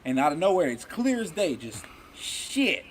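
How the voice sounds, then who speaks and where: Lively man with clear background noise. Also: a little high. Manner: halting, laughing anecdote. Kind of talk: casual chat.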